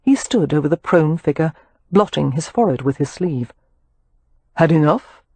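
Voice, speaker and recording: A woman narrates an audiobook with lively, expressive storytelling. Her pitch swings widely and her voice has a soft husky grain. The recording is close and bone dry. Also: a little fast, no room sound.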